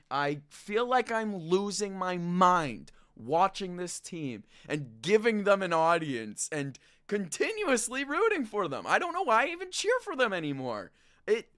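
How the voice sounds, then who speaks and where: A man hosting a live sports talk show, ranting in a frustrated and loud way into a desk mic. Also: high-pitched. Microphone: desk mic kept at a distance.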